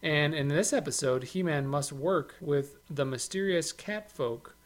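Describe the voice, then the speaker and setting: A man's voice: a little high, a little slow. A man hosting a podcast, joking through casual introductions. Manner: jokey, playful introductions. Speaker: podcast host. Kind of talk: casual chat.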